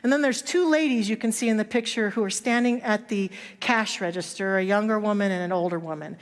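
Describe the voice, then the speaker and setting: A woman minister preaches a sermon, telling stories and acting out the people in them in an earnest storytelling manner. Her voice sits at an ordinary middle pitch. It rings out with the long reverb of a church sanctuary. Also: fairly quick.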